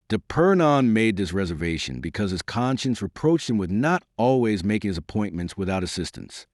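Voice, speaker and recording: The clip is scripted audiobook narration: a man reads a novel with measured, expressive delivery. His voice is lowish, and the studio-quality recording is dry.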